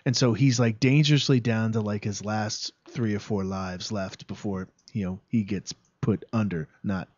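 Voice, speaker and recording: A man's voice: fairly low pitch, steady tone, moderate pace, hardly any pauses, darkish tone, dry recording, dull audio. A man, an actor guest, chatting casually in an interview and rambling with lots of fillers and restarts.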